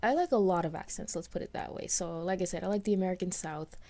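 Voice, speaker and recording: A woman's voice: on the low side, fast, dark tone. A woman from New York with a slight New York accent, giving casual, rambling let's play commentary recorded after playing. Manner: chatty, rambling, many restarts and fillers.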